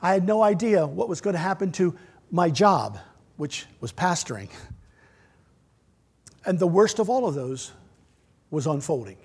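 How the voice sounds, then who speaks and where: A middle-aged male pastor delivers an earnest sermon in a church, his high voice carrying a husky edge. He swings between loud, raised lines and hushed, near-whispered ones, with lively intonation. His pace is unhurried, with frequent pauses.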